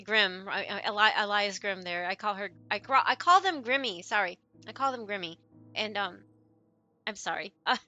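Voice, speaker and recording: A woman streaming a game live, reacting excitedly and rambling with many restarts. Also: medium pitch. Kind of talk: casual live-stream commentary.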